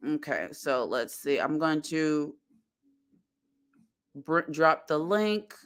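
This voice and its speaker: A woman hosting a casual livestream, chatting in a halting way and greeting viewers one by one. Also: low-pitched, expressive. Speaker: livestream host.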